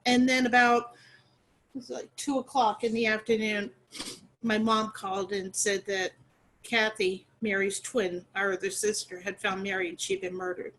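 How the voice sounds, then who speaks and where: A middle-aged woman, a guest in an interview, talking about her late sister in an earnest, halting way, with many fillers and restarts. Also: medium pitch, little pitch movement, a bit bright, a little hiss or hum, low-quality recording. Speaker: guest, sister of a murder victim.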